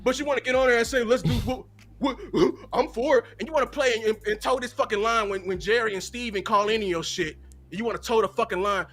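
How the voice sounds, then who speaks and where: A man's voice: high-pitched, fast talker, fairly bright tone, soft background music. A man and content creator delivering a heated, profane tirade during a live watch-party stream.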